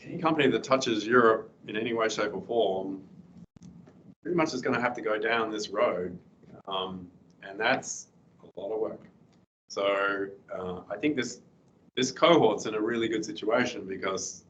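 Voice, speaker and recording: Hoarse halting man lecturing, low voice. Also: fairly bright tone, lo-fi sound, slight background noise. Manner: halting, many fillers and restarts. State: losing his voice, clearing throat. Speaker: guest speaker. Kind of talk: lecture with slides.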